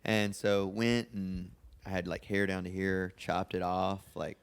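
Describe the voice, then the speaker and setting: Smooth low-voiced man telling a story. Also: unhurried. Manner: relaxed, filler-heavy, says "like" often. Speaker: guest singer. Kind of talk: casual storytelling.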